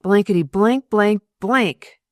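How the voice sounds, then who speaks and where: A woman's voice: mid-range voice, slow, no echo, studio quality, lightly acted. A woman voicing a heavy, irritable older male surgeon in an audiobook, grumbling and sputtering indignantly. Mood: exasperated.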